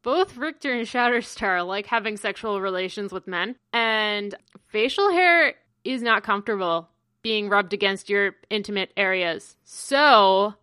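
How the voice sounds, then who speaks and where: A woman's voice: mid-range voice, bright, forceful tone, clear, resonant tone, no echo. A woman co-hosting a casual comic book podcast, making crude jokes. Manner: crude, joking. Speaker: podcast co-host.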